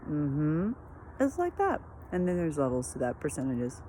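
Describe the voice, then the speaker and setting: A woman's voice: sits low, wildly swooping pitch, normal speed, mellow, slight background noise. A woman vlogging in a meandering, spiritual, musing way full of fillers, recorded on a phone. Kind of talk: rambling casual vlog.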